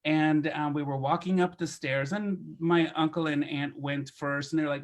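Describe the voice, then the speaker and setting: A man's voice: a little high, normal speed, hardly any pauses. A man who grew up in India, a photographer and podcast guest, telling stories in a casual interview and acting out the voices in them. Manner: animated storyteller who acts out voices in his anecdotes.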